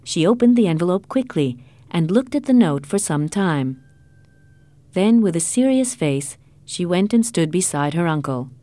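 A woman reading a story aloud in a clear, measured way. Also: fairly low pitch, expressive, dark tone, dry recording. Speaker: narrator. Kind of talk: scripted storybook narration.

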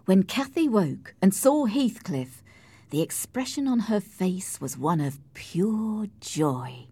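A woman narrating a storybook in a measured, clear reading voice. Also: on the low side, warm tone, no echo.

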